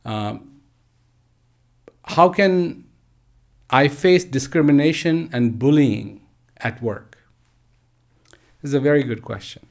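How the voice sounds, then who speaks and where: A man telling a parable and answering questions in a measured way, pausing often. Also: mid-range voice, lively intonation, vocal fry. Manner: slow, measured, pauses often. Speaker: speaker. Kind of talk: parable and Q&A talk. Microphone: live online stream.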